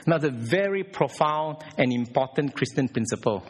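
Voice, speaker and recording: Husky, animated male preacher. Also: mid-range voice, normal speed. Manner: emphatic, animated, asks the congregation direct questions. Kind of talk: sermon. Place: church service.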